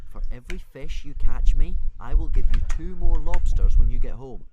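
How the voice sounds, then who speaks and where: A fed-up young boy trainer, dry and sarcastic, read by a man in a storybook reading. His lively pitch rises and falls, while heavy keyboard typing rattles behind. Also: moderate pace, heavy background noise, natural voice. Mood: exasperated.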